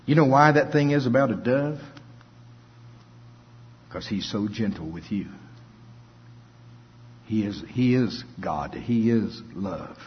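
A man's voice: on the low side, expressive, slow pace, long pauses. A male preacher giving a conversational sermon, reading scripture aloud and chuckling between his points. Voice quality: husky. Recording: dull lo-fi recording.

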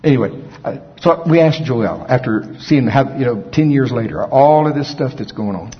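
A male preacher tells folksy, animated stories in a sermon, his pitch rising and falling widely. The recording is slightly dull and carries a long reverb. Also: normal speed. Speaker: pastor. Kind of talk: storytelling sermon.

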